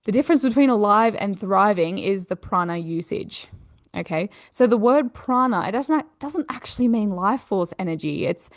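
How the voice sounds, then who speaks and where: An Australian woman teaching yoga, talking straight to her students in an earnest, explanatory way. Her voice sits at a middling pitch for a woman, and she keeps tossing in little check-ins as she goes. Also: expressive, normal speed. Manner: earnest, explaining, leans on "you know" and "okay".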